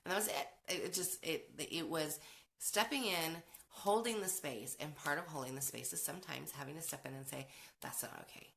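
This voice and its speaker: A woman's voice: low-pitched, moderate pace, creaky, a bit bright. A woman in her forties hosting a podcast, talking casually about parenting, chatty, laughing often and acting out quotes. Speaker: podcast host.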